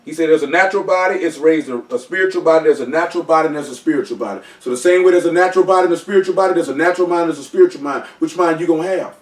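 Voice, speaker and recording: A man leading a casual Bible study, teaching scripture with slangy, animated, joking asides, recorded at a distance in an echoey room. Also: fairly high pitch, rapid-fire, hardly any pauses.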